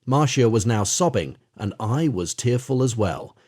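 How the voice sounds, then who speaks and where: A man narrating an audiobook in a gentle, measured reading style. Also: medium pitch, lively intonation, slightly rough. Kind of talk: audiobook narration of an interview account.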